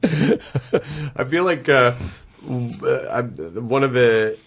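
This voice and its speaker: A man's voice: mid-range voice, drawn-out words. A middle-aged man hosts a casual podcast interview in an ordinary mid-range voice. He muses aloud and circles back as he builds long, thoughtful questions. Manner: thoughtful, rambling questions with restarts. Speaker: podcast host.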